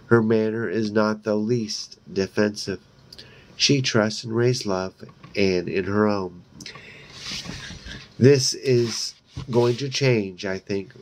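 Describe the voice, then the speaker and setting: A man reads a horror novel aloud, taking his time over every line and dropping in brief asides of his own. His voice is low and gravelly, with a fry at the ends of phrases. He reads at a slow, deliberate pace. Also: a little hiss or hum. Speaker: reader.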